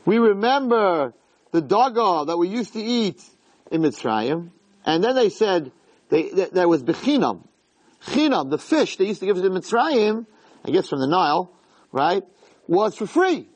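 A man's voice: high-pitched, big pitch swings, measured pace, low-quality recording. A man giving a Torah lecture, emphatic and full of rhetorical questions.

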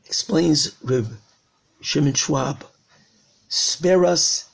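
A man's voice: fairly high pitch, drawn-out words, vocal fry, breathy edge. An older man, a rabbi, giving an earnest recorded talk on prayer, repeating phrases as he pleads. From Israel.

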